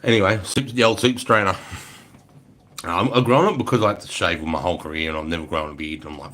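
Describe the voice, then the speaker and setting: A man's voice: sits low, quick pace. A middle-aged Australian man chatting casually on a livestream, swearing freely as he tells stories. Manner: swears freely, relaxed storytelling. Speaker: livestream host.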